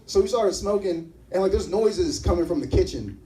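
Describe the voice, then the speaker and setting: Lively young man doing stand-up. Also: high voice, fast, hardly any pauses, recorded from a distance, background noise. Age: young adult. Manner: animated storytelling with acted-out voices. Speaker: stand-up comedian. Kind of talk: stand-up comedy set. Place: live comedy venue.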